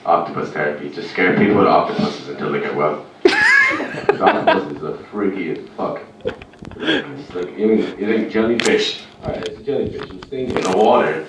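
An Irish man doing a rambling, deadpan stand-up routine in a comedy club, breaking into sudden shouts and yelps. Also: low-pitched, moderate pace, very noisy. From Ireland. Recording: echoey club, mic heard from a distance.

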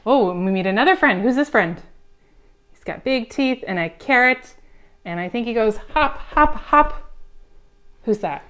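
A woman reading a picture book aloud at a preschool storytime, gently coaxing the children with questions. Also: fairly high pitch, expressive, moderate pace. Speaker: children's librarian.

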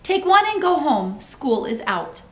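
Storybook housekeeper, cheerful and literal-minded, read by a woman; lively, bouncy pitch, roomy echo. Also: a little slow.

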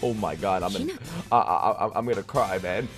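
A young man streaming anime reactions from his room, excitable and profane, often breaking into laughter. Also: on the low side, normal speed, soft background music. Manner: excitable, swears a lot, bursts into laughter. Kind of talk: casual reaction commentary.

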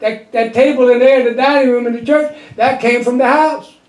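High-voiced pastor preaching in an echoey church. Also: male voice, steady tone, fairly quick. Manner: folksy storytelling with frequent chuckles; call-and-response with the congregation. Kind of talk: sermon.

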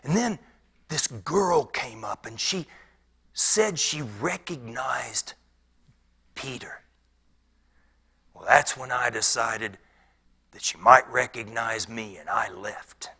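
A pastor playing a former rebel turned peaceful wood carver in a dramatic monologue, his gravelly voice often sinking to a whisper. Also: medium pitch, lively intonation, slow pace, long pauses, exaggerated voice. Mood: hushed. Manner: storytelling that swings from hushed whispers to loud outbursts.

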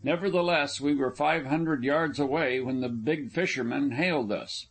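A man narrating an adventure audiobook in an even, measured reading. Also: mid-range voice. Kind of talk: scripted narration.

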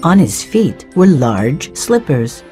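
A storybook narrator reads a children's tale in a clear, expressive voice. The tone is mellow and the pace unhurried, with gentle pitch movement over faint background music. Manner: slow, clear, expressive read.

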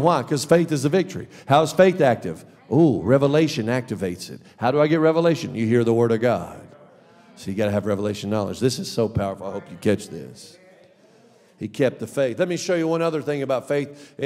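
A man preaching a sermon as pastor, building to shouted calls and leading the congregation in spoken refrains. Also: a little high. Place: church hall. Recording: live sermon in a reverberant hall.

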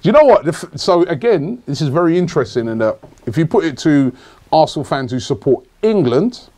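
A man's voice: on the high side, big pitch swings, fairly quick, darkish tone. A man hosting a casual podcast chat, teasing his guest, laughing and repeating points to needle him. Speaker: podcast host.

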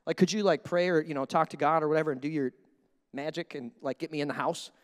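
A man's voice: lively intonation, fast, natural voice. A man voicing a timid, hesitant male churchgoer who mumbles as he asks for help. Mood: sheepish. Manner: mumbling, hesitant, low and quiet. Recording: echoey hall.

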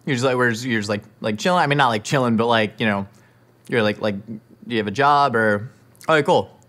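A man's voice: mid-range voice, brisk, a bit bright. A man hosting, making rambling awkward small talk at a dinner table, full of fillers and restarts. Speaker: host. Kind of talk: scripted comedy monologue to camera.

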